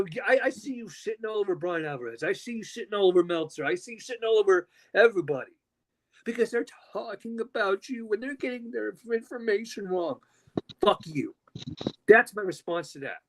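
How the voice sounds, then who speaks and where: A man co-hosting a podcast from home, ranting loudly and angrily with a lot of swearing. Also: high-pitched, fairly quick, a little hiss or hum, poor audio. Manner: loud, profane, animated ranting. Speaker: podcast co-host. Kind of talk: heated podcast rant. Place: at home with his dog.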